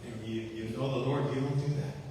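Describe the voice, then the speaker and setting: A man's voice: mid-range voice, fairly even intonation, fairly quick. A man giving an earnest personal testimony at a church recovery meeting. He repeats key phrases and acts out the conversations he recalls. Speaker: testimony speaker at a faith-based recovery meeting. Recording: echoey hall, distant mic, faint hiss.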